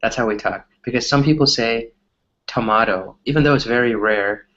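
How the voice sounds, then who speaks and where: A man tutoring English in a relaxed, chatty conversation, explaining with lots of examples. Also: medium pitch, moderate pace, lo-fi sound. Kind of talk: casual conversation lesson.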